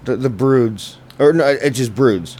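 A man's voice: mid-range voice, unhurried, darkish tone. Laid-back, rambling male radio host. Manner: rambling, laid-back, swearing, many fillers. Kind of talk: casual chat.

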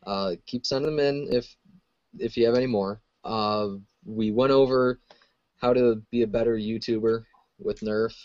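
A man's voice: medium pitch, fairly even intonation, moderate pace, a little mellow, no room sound. A man co-hosting a podcast, keeping the talk going in an easygoing way. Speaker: podcast co-host. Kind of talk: casual chat. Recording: dry muffled sound.

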